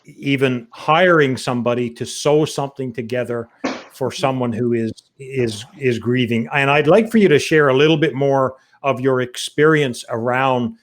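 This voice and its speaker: A man hosting a webcast interview, asking measured, thoughtful questions with some hesitation. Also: mid-range voice.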